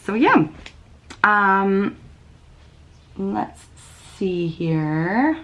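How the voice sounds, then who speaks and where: A woman's voice: mid-range voice, very animated, very slow, fairly bright tone, highs cut off. A young woman hosting a knitting podcast, chatting casually with many ums and little laughs. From United States. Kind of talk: casual chat.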